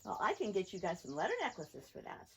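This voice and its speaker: A woman teaching a children's phonics lesson, sounding out words slowly and carefully. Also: mid-range voice, wildly swooping pitch, slightly rough. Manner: slow, drawn-out sounding out of words.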